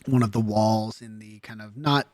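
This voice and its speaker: A man narrating a tabletop game as game master in a relaxed, loose way, with many fillers and restarts. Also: on the low side, moderate pace, no echo, studio quality.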